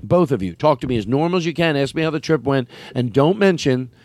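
A man's voice: mid-range voice, expressive, fast talker, darkish tone, dry recording. A man with a Philadelphia accent hosting a comedy podcast, rambling and playful, often cutting himself off. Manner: rambling, self-interrupting, playful. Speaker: podcast host. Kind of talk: casual comedy chat.

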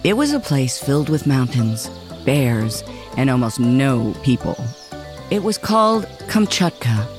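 A male narrator reads a children's story with slow, deliberate pacing and lively emphasis. His voice sits at a middling pitch. Soft background music runs under the reading. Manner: expressive, measured.

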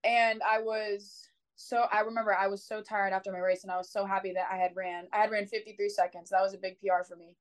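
A young woman, a college sprinter, telling her story in an interview, chatty and animated, with many "like" fillers. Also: mid-range voice, fast talker, poor audio. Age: young adult.

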